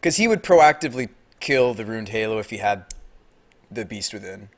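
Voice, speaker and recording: Excitable American man commentating a card game. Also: normal speed. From United States. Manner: excitable, talks to chat and opponent, gets loud and high when tense.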